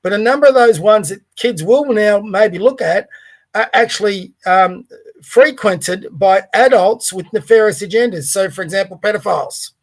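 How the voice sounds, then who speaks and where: A man with a fairly high voice hosts a livestream podcast. He talks in a blunt, rambling way and swears freely. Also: normal speed. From Australia. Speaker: podcast host. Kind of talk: livestream commentary.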